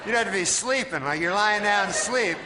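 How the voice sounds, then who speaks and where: A man from Canada, a stand-up comedian telling rambling deadpan bits full of "you know" and then chatting as a guest. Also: high-pitched, brisk. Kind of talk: stand-up monologue, then interview chat. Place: TV studio with live audience. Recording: TV studio audience laughter and noise.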